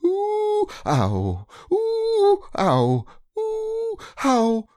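A man doing a squeaky, fretful little piglet. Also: wildly swooping pitch, extremely slow, darkish tone, no room sound, studio quality, heavily acted. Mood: yelping. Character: tiny, timid male piglet. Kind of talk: audiobook reading.

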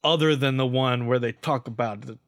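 A man hosts a podcast and recaps a sitcom episode in a casual, joking way. He talks at a middle pitch and keeps breaking into loud, animated asides. The recording is close and dry. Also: fairly quick, no room sound. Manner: animated, swings into loud bursts and mock quotes.

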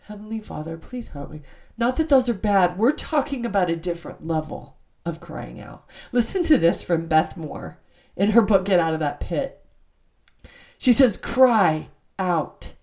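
A woman's voice: on the low side, animated, moderate pace, warm tone. A woman hosting a devotional podcast, talking earnestly and from the heart. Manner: earnest and heartfelt, with many "I mean" asides. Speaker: podcast host.

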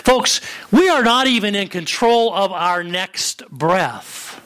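Earnest high-voiced male pastor preaching. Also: lively intonation, slow, fairly bright tone. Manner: earnest, emphatic preaching with rhetorical questions. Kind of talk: sermon.

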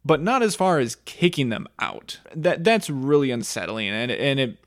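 A man co-hosting a casual podcast, weighing game strategy in a relaxed, conversational way. His middle-pitched voice is recorded dry and close, with no room sound. He often repeats words as he restarts his sentences. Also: normal speed, no room sound. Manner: conversational, stammering restarts, laughs easily. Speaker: podcast co-host. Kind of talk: casual reality-show discussion.

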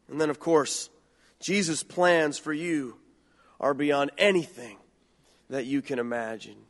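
A preacher delivers a sermon in a fairly high voice, unhurried, earnest, and conversational, often doubling back to repeat words mid-thought. A long reverb trails his voice through the hall.

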